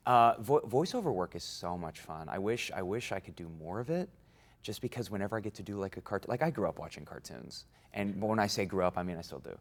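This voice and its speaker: A man in his twenties, an actor being interviewed, talking in a casual, animated way and laughing through his stories. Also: fairly low pitch, brisk. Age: 20s. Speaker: guest actor.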